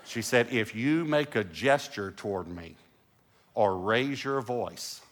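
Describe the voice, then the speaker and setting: A middle-aged male pastor preaching a sermon, an animated storyteller who drops to hushed lows and rises to loud bursts. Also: slow pace.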